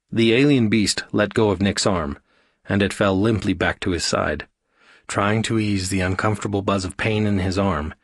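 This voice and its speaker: A male narrator reads an audiobook in a steady, even storytelling manner. His voice sits slightly low, and the recording is dry and close. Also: dry recording. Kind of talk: scripted narration.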